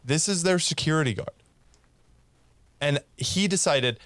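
A man's voice: on the high side, animated, a little fast, no room sound. A man casually telling a story on a podcast, laughing and acting out quoted lines.

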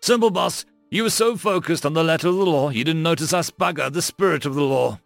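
A man's voice: on the high side, a little fast, gravelly, dry recording, faint music behind, voice pushed up. A man doing a smug, cavalier soldier. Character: cocky cavalier male human soldier leader.

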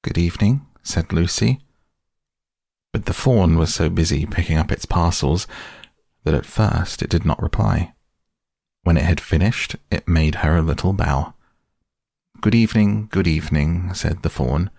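Deep, gravelly male narrator for a measured storybook read. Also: a little mellow, no echo, studio quality. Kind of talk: scripted audiobook narration.

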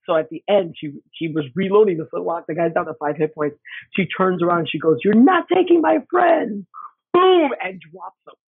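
A slightly high male voice, fast and dry. The speaker, a middle-aged game designer appearing as a guest, tells animated stories in casual chat and acts out the voices in them. The recording is a husky voice heard over a tinny phone line with no reverb.

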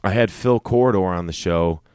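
A man's voice: low voice, normal speed, a little mellow, clear, resonant tone, no echo, studio quality. A young man hosting a casual solo podcast, rambling and joking with plenty of swearing. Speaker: podcast host.

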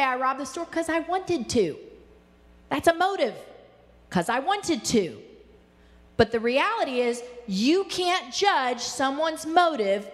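A woman giving a faith-based teaching talk on relationships, animated, acting out angry inner voices and slowing down to stress key points. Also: fairly high pitch. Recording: long hall reverb.

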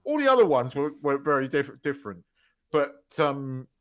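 A man co-hosting a casual podcast who tells stories with big laughs and plenty of swearing. His pitch swoops and bounces as he talks. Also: normal speed. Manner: animated storyteller, swears freely, laughs loudly mid-story. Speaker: podcast co-host. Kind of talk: casual chat.

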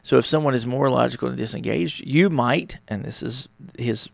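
A man's voice: medium pitch, a little fast, gravelly, dry recording. A man hosting his own podcast, talking casually and rambling, sometimes acting out small dialogues. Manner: rambling, conversational, acts out little dialogues. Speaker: podcast host. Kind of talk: casual solo talk on relationships.

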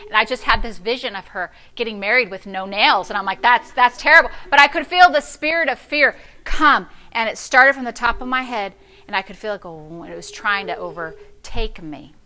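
A middle-aged woman pastor with a fairly high voice preaches at a moderate pace, telling a story within her sermon. Her delivery is sassy and animated, swinging from hushed tones to loud ones.

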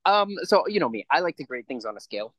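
A man's voice: mid-range voice, very animated, fast talker, a bit bright, dry recording. A man co-hosting a podcast in casual chat, rambling and swearing freely as he acts out little quotes. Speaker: podcast co-host.

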